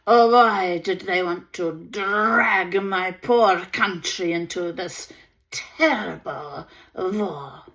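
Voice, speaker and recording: A woman's voice: on the low side, drawn-out words, a bit bright, heavily acted. A woman reading aloud and voicing a glamorous, theatrical aristocratic baroness with a faint German accent and a dramatic, gushing manner. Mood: lamenting.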